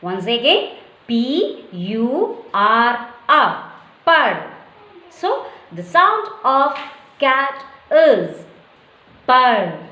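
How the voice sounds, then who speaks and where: A woman teaching a young children's class, slowly calling out questions and spelling words letter by letter for the class to repeat. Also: sits high, fairly bright tone, echoey room. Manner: slow call-and-response, spells words letter by letter. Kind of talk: children's lesson.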